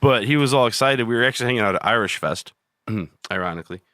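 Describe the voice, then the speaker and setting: A man's voice: medium pitch, animated, fast, bright, forceful tone, no echo. A man co-hosting a podcast, chatting casually about fantasy football and baseball, rambling and swearing freely with easy laughs. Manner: rambling, profane, laughs easily. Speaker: podcast co-host. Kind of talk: casual chat.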